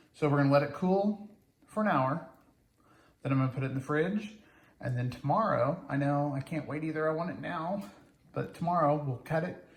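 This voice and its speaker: A man's voice: a little high, gravelly, reverberant, slight background noise. A man hosting a casual home cooking demo, chatty and playful as he talks to viewers. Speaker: cooking channel host. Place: home kitchen.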